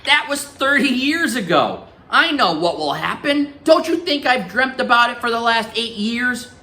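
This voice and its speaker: A man putting on a tearful, shrill grandmother. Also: huge pitch swings, takes it slowly, heavily acted. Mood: angry pleading. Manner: shouting, pleading.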